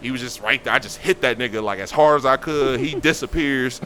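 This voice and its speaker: A young man tells a story in casual conversation, animatedly acting out the voices of the people in it. His voice is mid-range and brisk, with a little hiss or hum in the audio.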